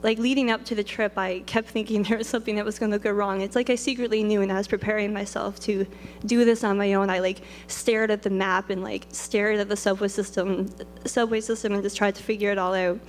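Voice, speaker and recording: A woman's voice: mid-range voice, fairly even intonation, fairly quick, slight background noise. A young woman telling a personal story in a chatty, rambling way. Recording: long reverb.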